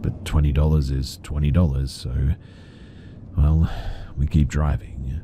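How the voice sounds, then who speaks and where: A man's voice: a bass voice, fairly even intonation, unhurried, mellow, a little hiss or hum. A man narrating a first-person horror story in a casual, conversational way.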